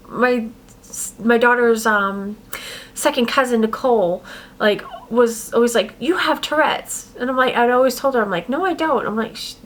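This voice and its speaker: A woman's voice: medium pitch, fairly bright tone. A young woman telling her personal story to camera in a rambling, casual way, with sudden vocal tic outbursts. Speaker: vlogger.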